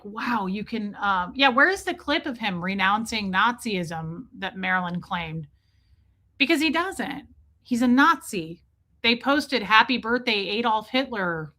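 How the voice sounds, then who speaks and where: A woman hosting a livestream, talking fast and emphatically, repeating herself and breaking off to thank viewers in the chat. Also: a little high, animated, sharp tone. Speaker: livestream host. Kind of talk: casual livestream commentary.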